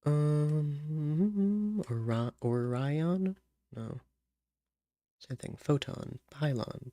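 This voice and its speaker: A man talks to himself slowly and unhurriedly while working out song lyrics. He mutters candidate rhymes, hums nonsense syllables and weighs each word. The recording is dry and close. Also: a little high, expressive, dark tone, no echo. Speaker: songwriter. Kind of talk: thinking aloud while writing lyrics.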